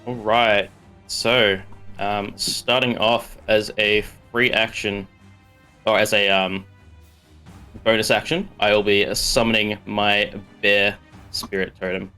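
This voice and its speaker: Low-pitched male player with a gravelly, forceful sound, methodical rules talk. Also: flat delivery, slow pace. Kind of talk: casual tabletop play. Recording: faint background music.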